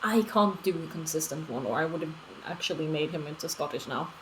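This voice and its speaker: A woman's voice: low voice, brisk, slight background noise, low-quality recording. Giggly woman chatting on a live stream. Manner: giggly, chatty, talks to chat. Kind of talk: casual live-stream chat while playing a game.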